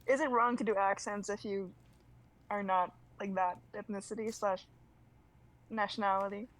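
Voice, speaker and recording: A woman's voice: medium pitch, steady tone, moderate pace, low-quality recording. A woman co-hosting a casual review chat, giggly, mostly giving short replies. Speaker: podcast co-host.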